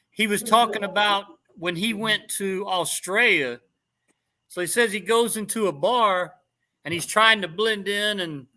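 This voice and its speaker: A middle-aged man telling stories in a casual chat, animated and laughing as he acts out what people said. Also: high voice.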